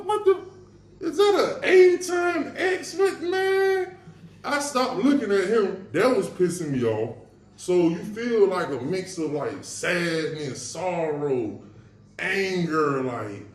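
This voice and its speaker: A man on his own show, telling a story from his past in a casual, slangy, profane way with wry humor about dark memories. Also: on the high side, reverberant, recorded from a distance. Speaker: podcast host recounting his past.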